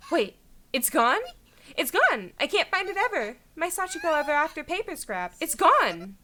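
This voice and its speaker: Woman streamer reading a timid teen schoolgirl, game dialogue, high bright tone. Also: very animated, normal speed, heavily acted. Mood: scared. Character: anxious teenage schoolgirl, gentle and frightened.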